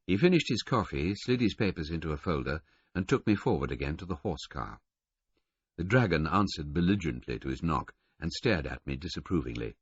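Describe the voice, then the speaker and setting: A man reading a novel aloud in the first person, telling the story in a lively, varied way. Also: rumbling low, a little fast, breathy edge, no echo, muffled recording. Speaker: audiobook reader.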